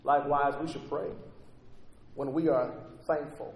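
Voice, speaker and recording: A man's voice: fairly high pitch, fairly even intonation, unhurried, gravelly. A man preaching a sermon and reading scripture aloud, rising with fervor on quoted prayers. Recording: echoey hall with faint ambience.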